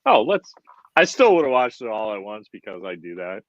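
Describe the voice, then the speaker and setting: A man's voice: on the low side, big pitch swings, brisk, dry recording, muffled recording. A man co-hosting a podcast in casual chat, joking and teasing his co-host.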